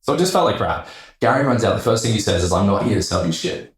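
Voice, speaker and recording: A man, a podcast guest telling a story in a casual, animated way, acting out quoted voices and swearing freely. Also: lowish voice, quick pace. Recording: roomy echo.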